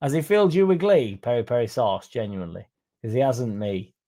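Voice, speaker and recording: A man's voice: mid-range voice, sing-song, fairly quick, mellow. A young man hosting a football fan livestream, chatting sarcastically and reading out viewer comments. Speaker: fan channel host.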